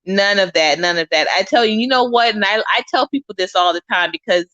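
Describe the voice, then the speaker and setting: Bright, chatty woman streamer. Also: medium pitch, fairly quick, dry recording, muffled recording. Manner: chatty, repeats phrases, says y'all. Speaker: livestream host. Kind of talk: casual livestream chat.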